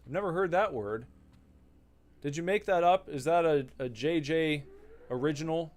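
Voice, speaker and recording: A man's voice: on the high side, moderate pace, pauses often, a little mellow. A man casually commenting while playing a video game, rambling into wry, mock-serious rants. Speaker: gaming channel host. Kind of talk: casual let's-play commentary.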